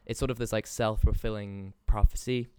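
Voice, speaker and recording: A man's voice: fairly low pitch, fairly even intonation, a little fast, darkish tone, clean tone, no room sound. A young man from England talking casually on a podcast, rambling with lots of fillers and casual swearing. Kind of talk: casual chat.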